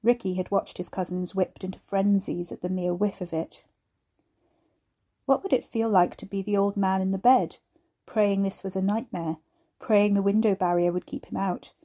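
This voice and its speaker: A woman reads her own dark novel aloud in a measured, steady storytelling voice. Her tone is warm and mellow. She gives the grim scenes calm, even weight. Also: medium pitch. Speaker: author reading her novel. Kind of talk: audiobook narration.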